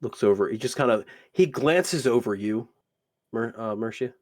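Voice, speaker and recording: A man narrates a tabletop game as its game master in a lively, swearing, off-the-cuff way. His voice sits in a middle register. The talk is loose and conversational. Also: medium pitch, normal speed. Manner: animated, profane, casual.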